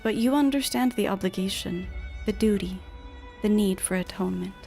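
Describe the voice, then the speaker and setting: Whispered role-play: woman voicing a solemn shadow spirit, breathy with a gravelly edge. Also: mid-range voice, moderate pace, mellow, faint music behind, natural voice.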